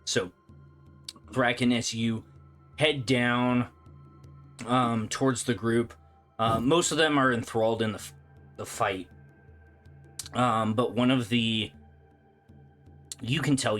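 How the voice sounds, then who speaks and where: A man's voice: mid-range voice, takes it slowly, pauses often, a bit bright, faint music behind. A man narrating a tabletop game as dungeon master, talking casually with lots of fillers.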